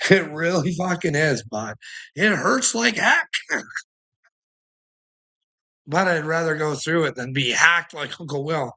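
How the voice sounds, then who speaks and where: A man's voice: fairly high pitch, lively intonation, slow pace, pauses often, pushed and bright. A man hosting his own channel, rambling, swearing and laughing often as he mocks the clips he reacts to. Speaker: channel host.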